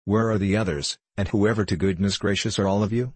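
A scornful, fussy nursemaid from a storybook who bosses strangers off the doorstep, as a man reading aloud puts her on. The voice is low and husky, close and dry. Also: fairly even intonation, fairly quick, no room sound. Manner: scornful, bossy.

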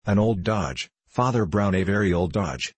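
A loud, triumphant master thief with a low, husky voice, as an audiobook reader puts him on. He mocks and crows with swaggering force, recorded dry and close. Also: animated, normal speed, no room sound. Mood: gloating. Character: boisterous gloating master thief, large man. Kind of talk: audiobook character reading.

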